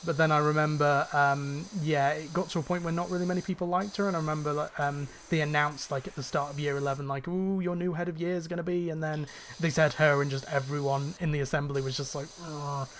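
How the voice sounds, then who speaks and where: A young gaming channel host from northwest England talks fast in a slightly high voice with fairly even intonation and a bit of brightness, over slight background noise. His faint northern accent is fairly neutral, and he rambles casually while gaming, full of fillers and restarts.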